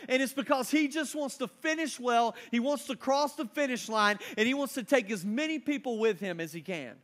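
A man's voice: extremely high pitch, normal speed, fairly bright tone. A man in his thirties, a pastor preaching a sermon in a casual storytelling way, asking the crowd questions.

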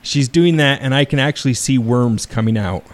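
A podcast host makes a prank phone call, keeping a straight face and faking earnest concern. His voice is mid-range and he speaks at normal speed.

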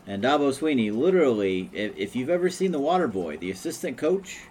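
A man's voice: mid-range voice, big pitch swings, fairly quick, darkish tone. A man co-hosting a podcast, chatting bluntly and casually with friends. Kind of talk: casual chat.

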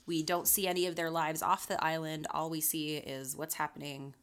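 A woman in casual conversation about a book, lively and quick to break into silly voices. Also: sits low, smooth. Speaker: podcast co-host.

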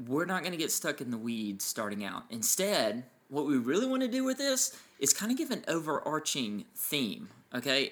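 A man co-hosting a casual podcast, telling family stories with animated energy and frequent laughter. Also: medium pitch. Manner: animated storyteller, acts out voices, laughs often. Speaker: podcast co-host, preacher. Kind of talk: casual chat.

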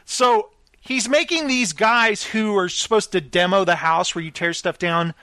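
A man with a high, bright voice tells a story in easy casual chat, acting out the people in it. He sounds animated, and the close mic leaves his voice dry. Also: a little slow, dry recording. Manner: animated, acts out quotes in put-on voices.

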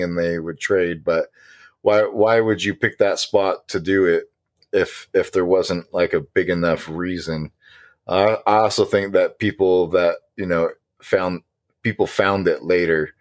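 A man's voice: deep voice, fairly even intonation, a little slow, dry recording. A man co-hosting a casual conspiracy podcast, rambling with many ums and restarts. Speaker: podcast co-host.

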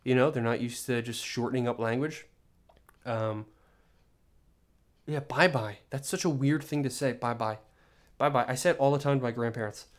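A young man hosting a solo podcast, rambling in an exasperated, joking rant with many restarts. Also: mid-range voice. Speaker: podcast host.

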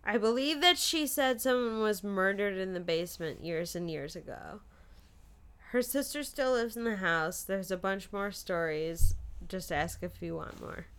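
A woman's voice: medium pitch, measured pace, a bit bright, smooth. A woman hosting a horror podcast, reading out listener ghost stories in an easygoing, chatty way. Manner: laughs easily, easygoing storytelling. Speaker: podcast host.

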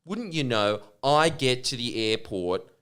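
A man's voice: medium pitch, lively intonation, unhurried, a bit bright, smooth. A young man telling a comedic story in casual chat, swearing and laughing as he goes.

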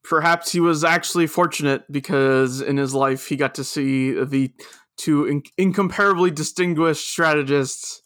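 A man's voice: a little high, normal speed, a bit bright, dry recording, studio quality. A man co-hosting a podcast, recapping an anime in casual, laid-back chat. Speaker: podcast co-host.

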